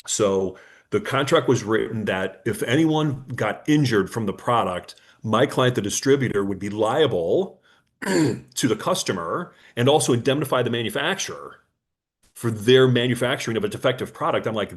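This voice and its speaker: A man's voice: fairly low pitch, expressive, normal speed. A man, an attorney, giving a conversational business webinar, telling client stories and acting out their dialogue with frequent fillers. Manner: anecdotal, acts out client dialogue, many fillers.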